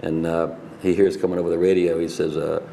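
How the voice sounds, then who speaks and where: A man's voice: low-pitched, flat delivery, a little fast, creaky, mellow, a little hiss or hum. An older man, a Navy veteran, telling rambling stories in a casual interview and laughing at his own pranks.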